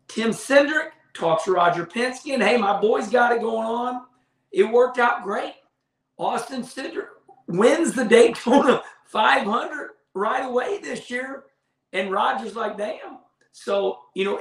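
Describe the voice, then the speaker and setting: A man's voice: high voice, echoey room, rough recording. A middle-aged man hosting his own show, talking casually in a folksy, rambling way with lots of fillers and acted-out quotes. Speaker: show host. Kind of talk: casual opinion monologue.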